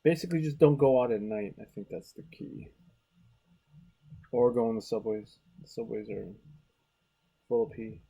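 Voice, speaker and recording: This is a relaxed artist chatting casually while drawing. The voice is dark and mellow, and sits in the middle of the pitch range. They ramble along, swear freely, and restart their sentences. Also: moderate pace, pauses often, husky. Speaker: artist hosting a drawing video.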